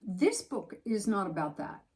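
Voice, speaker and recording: In a low-quality recording, a woman with a mid-range voice co-hosts a podcast at a measured pace. She chats casually and emphatically about a book that mattered to her, animated and thinking aloud with frequent restarts.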